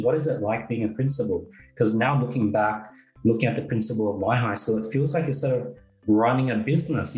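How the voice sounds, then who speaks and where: A man hosting a podcast, asking long, rambling questions full of fillers. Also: medium pitch. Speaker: podcast host. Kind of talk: casual interview. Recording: echoey room.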